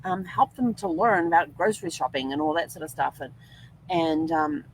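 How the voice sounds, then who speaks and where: Chatty older woman host, lower voice. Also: normal speed, slight background noise, poor audio. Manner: chatty, rambling, laughs often. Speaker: podcast host. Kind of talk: casual storytelling monologue.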